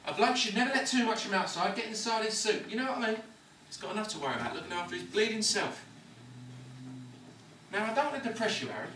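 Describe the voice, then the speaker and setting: A man's voice: high voice, lively intonation, fast talker, sharp tone. A man playing a cocky wide boy. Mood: scornful. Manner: swaggering, lecturing, slangy. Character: cocky London ladies' man, cynical patient. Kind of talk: amateur stage-style film acting. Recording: echoey room, distant mic, faint noise.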